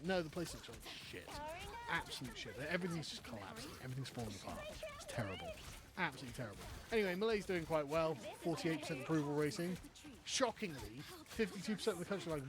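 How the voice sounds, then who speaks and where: An Englishman delivers a profane, sarcastic political rant on a live stream. His high-pitched voice is sing-song and quick.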